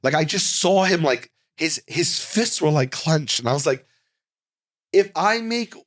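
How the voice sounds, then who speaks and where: A comedian telling an animated story in casual talk, with restarts and acted-out quotes, in a studio. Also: male voice, fairly high pitch, moderate pace, dry recording. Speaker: comedian guest.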